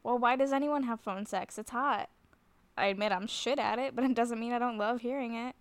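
A woman's voice: on the high side, brisk, no echo. A woman in a scripted audio role-play, flustered and self-conscious, often laughing nervously as she talks to the listener. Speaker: nervous woman talking to a friend on the phone.

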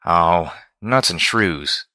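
A man's voice: deep voice, lively intonation, very slow, pushed and bright, no room sound, studio quality, full character voice. A man voicing a plainspoken country female farm pony with a folksy rural drawl.

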